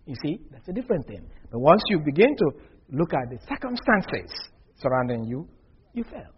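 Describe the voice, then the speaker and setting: Guy preaching a sermon, kinda husky, voice jumps around a lot, muffled lo-fi sound. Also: a little high, moderate pace, pauses often. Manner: animated, acts out dialogue with big swings from loud to very soft. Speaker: pastor.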